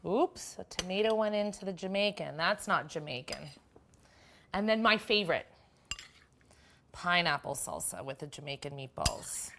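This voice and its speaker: Over some background noise, a woman with a gravelly, lowish voice speaks at a normal speed. She's hosting a cooking show, upbeat and chatty as she prepares a recipe in a relaxed demo.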